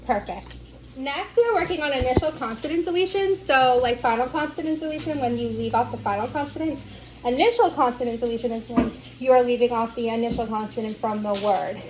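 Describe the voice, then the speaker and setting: A woman teaching as a speech therapy instructor, slowly over-enunciating the sounds she models. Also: fairly high pitch, background noise. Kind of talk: instructional demonstration.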